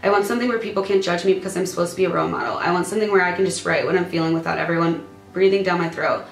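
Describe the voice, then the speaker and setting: A woman's voice: on the low side, steady tone, racing, creaky, reverberant, faint music behind. A young woman vlogging about her own past, earnest and fighting back tears as she reads and talks to her viewers. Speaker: YouTuber. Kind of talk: emotional personal vlog. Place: room at a computer or camera.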